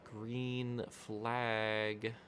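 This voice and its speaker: A man's voice: fairly low pitch, little pitch movement, drawn-out words, background noise. Joking young male race commentator. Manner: joking, rambling, crude asides. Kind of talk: casual esports race commentary.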